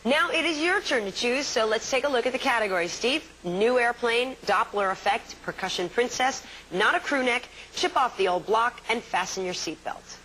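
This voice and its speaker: A woman's voice: on the high side, moderate pace, hardly any pauses, a bit bright, slight background noise, poor audio. A woman hosting a TV game show, chatty and upbeat, laughing easily and stressing words in a sing-song way.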